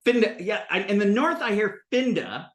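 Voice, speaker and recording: A man teaching a Sanskrit class, lecturing in a playful, animated way and thinking aloud with restarts. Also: high voice, fairly quick, roomy sound. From United States.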